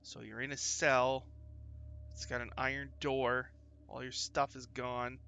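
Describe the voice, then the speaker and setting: A man running a tabletop game as game master, narrating in a loose, halting way with many fillers. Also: medium pitch, level tone, vocal fry, bright, forceful tone, faint music behind.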